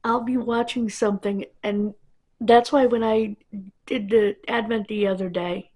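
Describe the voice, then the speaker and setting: A woman's voice: fairly high pitch, steady tone, measured pace, a little mellow. A woman vlogger talking to camera in a casual, rambling monologue that wanders between tangents.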